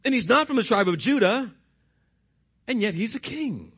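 A man preaching a sermon as pastor, putting questions to the congregation and slowing down and dropping his voice to stress key words. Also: very high voice, animated, fairly bright tone, breathy edge. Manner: slows and drops his voice for emphasis.

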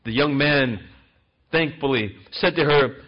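A male pastor preaching a sermon in an emphatic style that swings between loud and soft. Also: medium pitch, unhurried, highs cut off.

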